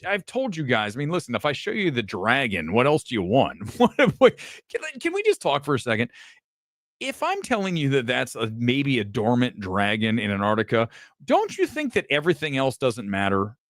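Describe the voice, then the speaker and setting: Guy hosting a live talk show, pitch jumping all over, cussing a lot, dry close mic. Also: moderate pace, no room sound. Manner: animated, swearing, jumps between topics. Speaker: host. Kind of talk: casual live commentary show.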